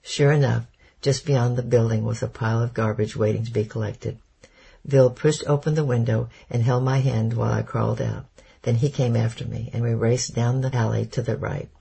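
A man narrating a chapter of an audiobook in a steady, measured storytelling manner. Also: mid-range voice, gravelly, slightly rough. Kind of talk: scripted narration.

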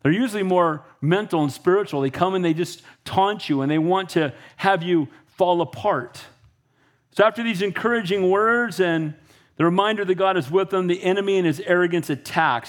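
A male pastor preaching a sermon in an energetic, conversational way, with blunt asides and frequent calls of "Amen?". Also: sits high, normal speed.

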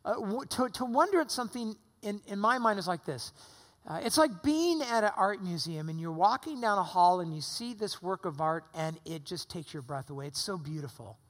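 A man's voice: sits high, expressive, moderate pace. A middle-aged man preaching a sermon in a church, conversational, with rhetorical questions, while recovering from pneumonia. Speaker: pastor. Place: church sanctuary. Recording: long hall reverb.

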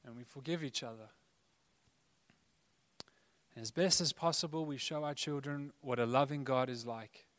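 Bright-voiced preaching man, hall reverb. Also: mid-range voice, normal speed, pauses often. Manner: earnest, conversational preaching with playful asides. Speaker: pastor. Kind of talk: sermon.

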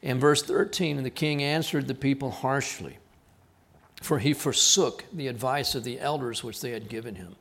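A South Texas pastor preaches a sermon in a mid-range voice at normal speed. His delivery is earnest, softening into quiet emphasis on the key words.

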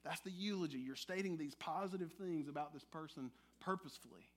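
A man preaching to his congregation in a notably high voice. He swings from quiet, earnest stretches to lively, teasing banter with the pews. His delivery is conversational and animated, as if talking with the people in front of him. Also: a little fast. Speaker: pastor. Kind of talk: sermon. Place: church sanctuary.

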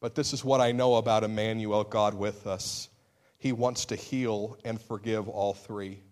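A man's voice: on the low side, fairly even intonation, a little slow, a little mellow. A middle-aged male pastor preaching a sermon in an earnest way, with sudden emphatic outbursts and self-deprecating humor.

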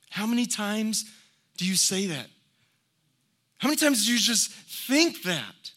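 A man's voice: extremely high pitch, lively intonation, measured pace, long pauses, bright, forceful tone. A man preaching a sermon, speaking earnestly and telling folksy stories before building to emphatic exhortations. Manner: folksy storytelling with light laughs. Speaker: pastor.

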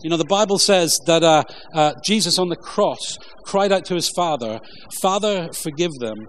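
A man preaching a relaxed, conversational sermon with jokey asides and lots of fillers, reading scripture along the way. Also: a little high, a little hiss or hum. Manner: informal, halting, many fillers, jokey asides. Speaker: pastor.

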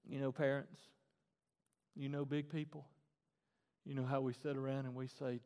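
A pastor, preaching a sermon in a conversational, animated way and repeating phrases for emphasis. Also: male voice, mid-range voice, moderate pace. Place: church auditorium stage. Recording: long reverb in a large hall.

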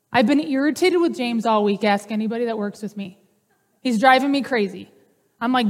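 A woman pastor preaches in a relaxed, conversational way and slips humor into her teaching. Her voice sits somewhat high. The sound carries a long hall reverb. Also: brisk. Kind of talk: sermon.

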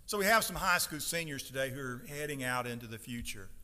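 Bright-voiced preacher in a reverberant sanctuary. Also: male voice, medium pitch, animated, fast talker. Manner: emphatic preaching, rising to loud scripture readings. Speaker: pastor. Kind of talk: sermon. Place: church sanctuary. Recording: long hall reverb.

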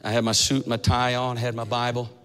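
A man in his sixties preaching a testimony sermon, telling his story dramatically and building to fervent shouting. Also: medium pitch, flat delivery, brisk, clear, resonant tone. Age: 60s. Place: church sanctuary. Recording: echoey church hall with faint music.

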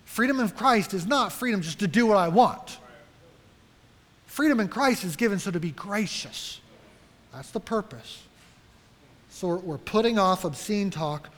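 A man with a high voice preaches in a church sanctuary, and his words ring out with a long hall reverb. He talks earnestly and directly, putting question after question to his congregation. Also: expressive, unhurried, pauses often, fairly bright tone. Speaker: pastor. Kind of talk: sermon.

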